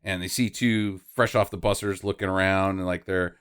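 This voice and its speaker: A man's voice: sits low, fairly even intonation, normal speed, a bit bright, smooth. A man hosting a casual movie-mocking podcast, laughing often and acting out characters in mocking voices. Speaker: podcast host. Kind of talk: casual movie-riffing chat.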